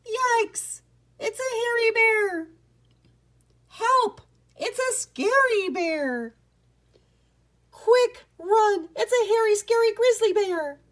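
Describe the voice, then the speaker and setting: A woman reading a storybook aloud, voicing a chorus of small woodland animals in a shrill, squealing voice. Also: slow pace, long pauses, a bit bright, exaggerated voice. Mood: panicked.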